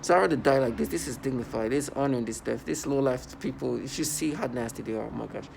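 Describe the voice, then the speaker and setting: A man's voice: medium pitch, quick pace, creaky, darkish tone, a little hiss or hum. A man in an angry personal monologue to camera at home, defiant and scornful, often repeating and restarting his words. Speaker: vlogger. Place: at home indoors.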